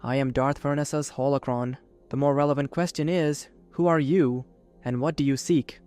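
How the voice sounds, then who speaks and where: A man voicing an ancient Sith woman's spirit kept in a holocron, speaking with gentle, motherly patience. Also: mid-range voice, steady tone, normal speed, smooth, faint music behind, natural voice.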